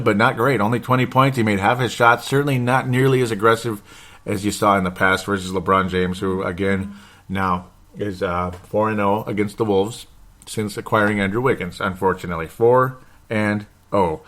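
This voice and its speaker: A man's voice: lowish voice, fairly even intonation, moderate pace, fairly bright tone. A man hosting a sports podcast, rambling and blunt, with mild swearing and frequent chuckles. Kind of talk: casual sports commentary podcast.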